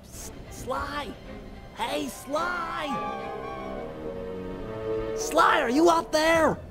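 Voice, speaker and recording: High, slow nerdy turtle. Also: male voice, gravelly, music in the background, heavily acted. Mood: urgent. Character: nerdy anxious male turtle genius. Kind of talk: video game cutscene voice acting.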